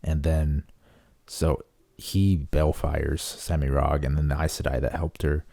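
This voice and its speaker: A man casually recapping a book for his channel, excited and full of "like" and "um". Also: extremely low pitch, unhurried, gravelly, no room sound, clean studio sound. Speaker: book reviewer.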